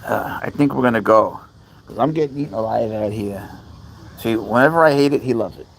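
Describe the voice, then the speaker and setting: A man speaks in a relaxed, chatty way as he talks to viewers on a casual stream, reading their comments aloud between remarks. His voice sits at an ordinary pitch. He is outdoors at night, with faint crickets chirping behind him. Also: fairly quick, creaky, slight background noise, rough recording. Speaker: cat owner livestreaming. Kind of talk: casual livestream chat. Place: outdoors at night among bugs.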